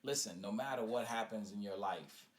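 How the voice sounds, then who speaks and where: A middle-aged man, a veteran guest on a podcast, telling personal stories in a relaxed, affirming way. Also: on the low side, normal speed. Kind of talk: casual conversational podcast.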